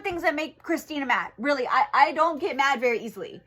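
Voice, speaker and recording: A woman's voice: sits high, animated, fairly quick, sharp tone. A young woman tarot reader giving a casual spiritual reading, blunt and full of swearing, who gets heated. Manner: blunt and profane, grows heated and angry.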